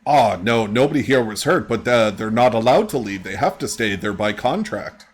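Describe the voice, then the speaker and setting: A man's voice: lowish voice, expressive, moderate pace, husky. A man voicing a startled, overworked young woman who works as a secretary, talking in a flustered way. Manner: flustered, fidgety.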